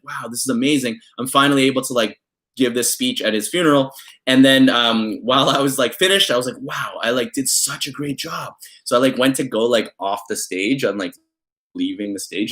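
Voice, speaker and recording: A young man from Canada vlogging, telling a personal story in a rambling, casual way full of fillers, getting animated when he acts out family members. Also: medium pitch.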